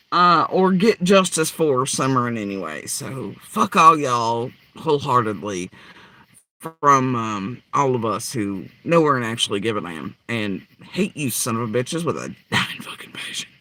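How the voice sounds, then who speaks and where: A man delivering a heated, profane rant, swinging between loud outbursts and low muttering. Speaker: podcaster ranting.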